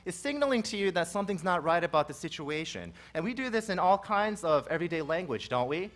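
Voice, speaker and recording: A male pastor speaks fast with few pauses, his high voice swinging widely in pitch, as he preaches an expository sermon at a church service. He rises loud on repeated phrases, then falls back to a soft, conversational teaching manner.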